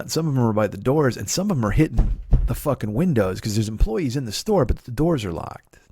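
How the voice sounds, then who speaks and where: A man's voice: mid-range voice, breathy edge, dry recording, studio quality. A man, a comedian telling a long, profane story that builds into ranting. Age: 40s. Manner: profane, ranting retelling with shouted quotes. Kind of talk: storytelling monologue.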